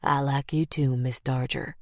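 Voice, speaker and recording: A woman reading the part of an earnest younger man with a Southern US drawl, gentle and reassuring in an audiobook. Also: mid-range voice, level tone, unhurried, dry recording, clean studio sound, natural voice.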